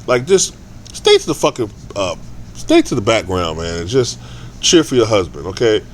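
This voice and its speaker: Guy doing a sweary sports rant vlog, lowish voice but lots of ups and downs, keeps restarting words. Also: wildly swooping pitch, normal speed, a little hiss or hum. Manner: profane, rambling, with stammered restarts. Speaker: sports vlogger. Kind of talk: casual ranting vlog.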